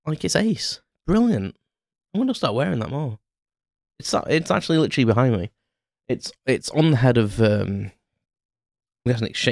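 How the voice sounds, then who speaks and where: A man's voice: medium pitch, no room sound. Guy rambling on his own podcast, self-mocking, lots of ums, dry sound. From Ireland. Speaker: podcast host. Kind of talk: casual solo monologue.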